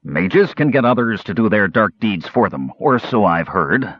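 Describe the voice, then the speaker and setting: A man's voice: lowish voice, big pitch swings, measured pace, husky, heavily acted. A man reading an audiobook, voicing a suspicious male lord who speaks grimly and accusingly. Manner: grim and accusing. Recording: slightly muffled dry recording.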